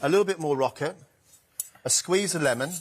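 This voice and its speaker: A middle-aged man, a chef, chatting relaxed while he cooks a dish live in a TV studio kitchen. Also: on the high side, fairly quick, a little hiss or hum. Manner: chatty, relaxed, talks to the pan. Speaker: guest chef. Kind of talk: cooking demonstration on TV.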